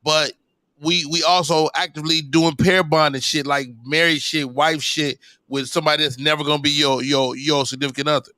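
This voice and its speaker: Sex: man. Role: podcast host. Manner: animated, probing, profane. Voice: bright and forceful, dry close sound. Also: on the high side, fairly quick, dry recording. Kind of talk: casual podcast banter.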